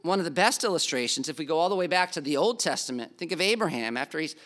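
A man's voice: a little high, expressive, fast, fairly bright tone. A man preaching a sermon as pastor, earnest and emphatic, acting out the people in the story.

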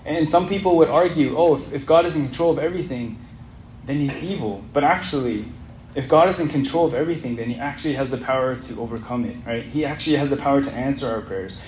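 A man's voice: mid-range voice, darkish tone. A man teaching an interactive Bible study lesson in an earnest way, putting questions to the group as he reads. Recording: roomy echo, faint background noise.

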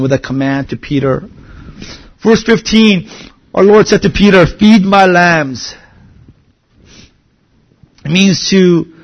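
A man with a somewhat high, gravelly voice preaches an expository sermon. His manner is earnest and conversational, full of casual asides. The recording is dull and lo-fi. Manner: earnest, conversational, many "you know" asides. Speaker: pastor.

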